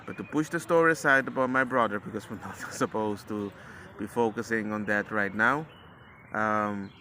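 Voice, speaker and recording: Bright-voiced man telling a casual story. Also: on the low side, moderate pace, a little hiss or hum. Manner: rambling and slangy, acting out quotes of himself and his son. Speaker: father sharing parenting experiences. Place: outdoors, near a passing dog walker.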